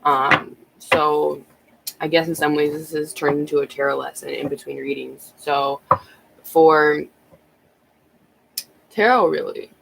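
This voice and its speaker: A woman's voice: low-pitched, fairly even intonation, slow, creaky, pauses often, a bit bright, a little hiss or hum, rough recording. A woman tarot reader talking casually on a live stream, rambling with many ums and restarts, a bit out of breath.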